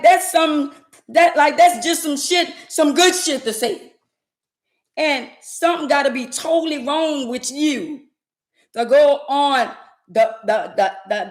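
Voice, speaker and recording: A woman with a fairly high voice rants in slow, drawn-out phrases. She is indignant and emphatic, hammering the same words again and again, and the room echoes around her. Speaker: vlogger. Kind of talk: ranting commentary to camera.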